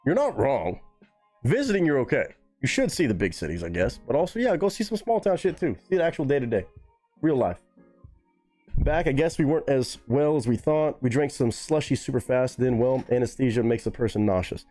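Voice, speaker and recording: Animated, swearing male streamer. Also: fairly quick, faint music behind. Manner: animated, swearing, jumps to high pitch when surprised. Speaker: livestream host reacting to music. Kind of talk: casual live-stream chat.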